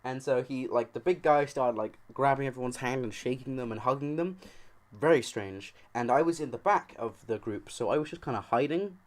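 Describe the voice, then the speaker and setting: Speaking at a moderate pace in a medium-pitched voice, a man casually tells a funny story on his video channel, joking, cursing freely, and acting out what people said.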